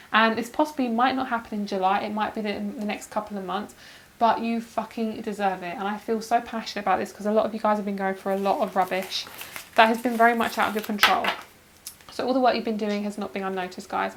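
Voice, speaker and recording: Female tarot vlogger, mid-pitched, emotional and gushing, casual swearing, laughs a lot, talks to viewers as friends. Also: poor audio. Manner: calls viewers girl and you guys. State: emotional, near tears. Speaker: tarot card reader. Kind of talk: pick-a-card tarot reading to camera.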